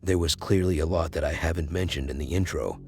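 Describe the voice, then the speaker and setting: A man's voice: deep voice, brisk, breathy edge, dry recording, studio quality. A man narrating a video compilation as a chatty, opinionated storyteller who talks straight to the viewer. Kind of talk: casual storytelling commentary.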